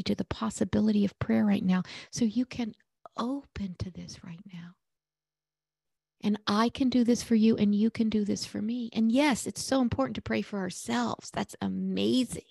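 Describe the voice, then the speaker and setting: A woman hosting a prayer podcast, giving spiritual teaching and leading a guided prayer in a soft, often half-whispered, meditative and conversational way. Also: medium pitch, creaky, breathy edge, no room sound, clean studio sound. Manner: conversational with fillers, storytelling.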